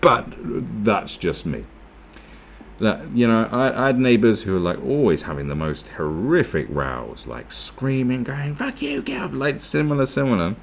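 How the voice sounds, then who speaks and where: A man's voice: on the low side, sing-song, measured pace, a little hiss or hum. A man giving a casual, sweary, sarcastic commentary, reacting to an article with mocking asides. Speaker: political commentary vlogger.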